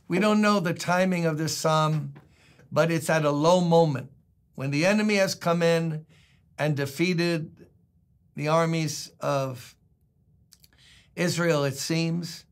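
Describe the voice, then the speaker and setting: An older man preaching a casual devotional, his voice gravelly and pitched a little high. He drifts into folksy stories and reads scripture aloud between them. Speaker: pastor. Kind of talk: conversational devotional sermon.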